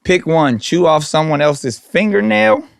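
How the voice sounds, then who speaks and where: A man's voice: a little high, lively intonation, a little slow, no echo, clean studio sound. A man hosting a card game show, laid-back and slangy, laughing between rules and questions. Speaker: host. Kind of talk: casual hosting chat.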